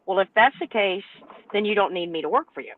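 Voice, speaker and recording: An older woman, in her sixties, rants with animated exasperation as a trucker guest on a panel show. Her voice comes through thin and tinny, like over a phone line, with no room echo. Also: medium pitch, fast talker. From North Carolina, US. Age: 60s. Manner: animated, exasperated storytelling rant. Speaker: truck driver and owner operator, panel guest. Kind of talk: podcast panel discussion.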